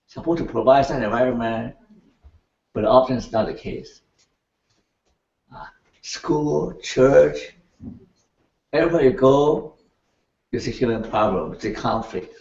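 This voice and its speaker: An older man lecturing a class in an animated way, laughing and checking in with his students as he goes. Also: medium pitch, unhurried, long pauses. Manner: animated, laughing, keeps asking the class "right?". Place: lecture room. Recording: echoey, distant, dull room recording.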